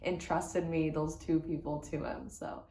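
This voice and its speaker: A woman's voice: low voice, unhurried, slight background noise. A young woman vlogger telling a faith story in a casual, chatty way, full of "like". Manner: chatty, lots of "like", excited retelling. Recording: echoey room.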